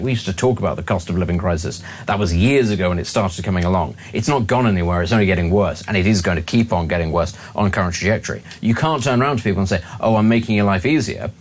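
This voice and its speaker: A man delivers political commentary at a quick clip. His voice sits low, and he slips into mocking quoted voices. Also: expressive, a little hiss or hum. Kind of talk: opinionated political talk.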